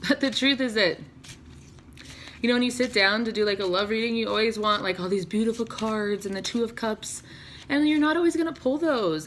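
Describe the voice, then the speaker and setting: A woman's voice: on the high side, a little hiss or hum. A woman doing a casual, chatty tarot reading, laughing often and swearing casually. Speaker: tarot reader.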